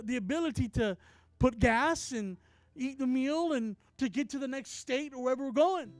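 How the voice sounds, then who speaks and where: A man who is a traveling minister, telling a story in a sermon with animated, acted-out dialogue. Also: very high voice, no room sound.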